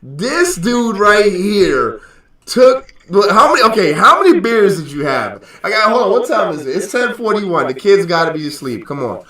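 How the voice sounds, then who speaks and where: A man hosting a trading show, joking and teasing in a lively, animated way, repeating himself as he talks. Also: high-pitched, normal speed, reverberant, recorded from a distance. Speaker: host of a stock trading show. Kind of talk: casual joking livestream banter.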